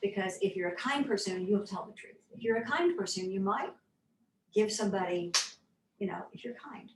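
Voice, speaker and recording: A woman reflecting in a thoughtful, halting conversational way, sometimes dropping to soft near-whispers. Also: medium pitch. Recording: echoey room, mic at a distance, faint noise.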